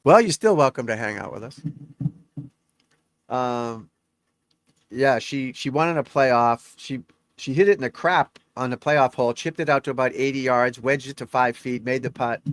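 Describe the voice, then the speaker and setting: A man's voice: mid-range voice, fairly even intonation, moderate pace, dry recording. A middle-aged man, a golf instructor, chatting on a live stream, reading out scores and talking to viewers in a rambling, talkative way.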